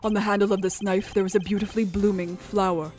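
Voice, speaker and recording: A woman reading the lines of a composed, formal male prosecutor in a video game, in a measured, confident way. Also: mid-range voice, level tone, a little mellow, soft background music, natural voice.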